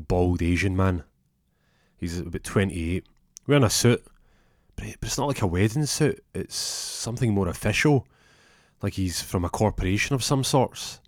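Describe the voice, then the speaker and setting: A man's voice: low-pitched, no echo, studio quality. A man telling a comic story, narrating with stammers and restarts.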